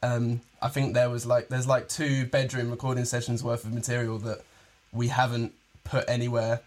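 Relaxed young man answering questions. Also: medium pitch, normal speed. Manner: relaxed, hesitant, many fillers. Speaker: guest musician. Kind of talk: casual interview.

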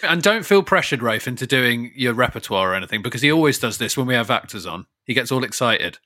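Male podcast co-host, lively pitch, bright timbre, quick and amused. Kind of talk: casual podcast chat.

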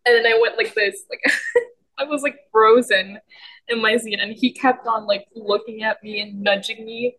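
A woman co-hosting a podcast, telling a story in a casual, excitable way with lots of giggles. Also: a little high, moderate pace, husky, rough recording. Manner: giggly and excitable, many fillers. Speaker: podcast co-host.

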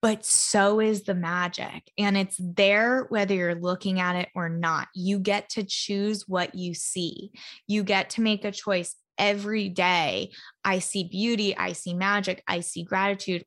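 A woman of middle pitch speaks in a relaxed solo podcast talk. She is chatty and heartfelt, leaning into spiritual ideas, and scatters "like" through her sentences. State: emotional, near tears at times. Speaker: podcast host. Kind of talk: casual solo podcast monologue.

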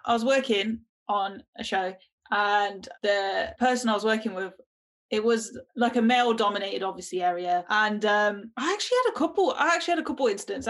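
A woman hosting a podcast, telling stories in a casual, conversational way. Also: medium pitch. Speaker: podcast host. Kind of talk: casual chat.

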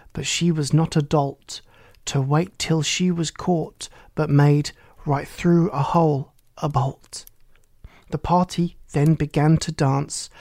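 Rhyming verse is recited at a measured pace, the reader frequently sinking into a hushed, breathy near-whisper. The voice is medium-pitched and the recording is dry.

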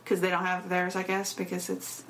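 A woman casually retelling a story in a chat, animated and laughing often. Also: lowish voice, moderate pace, faint music behind. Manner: animated, laughs often, acts out quoted voices.

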